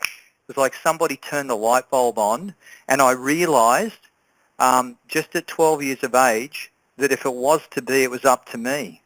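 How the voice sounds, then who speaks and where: A man's voice: medium pitch, fairly bright tone, dry recording, low-quality recording. A man from Australia with an Australian accent, speaking as a guest and telling a personal story in an earnest, reflective way.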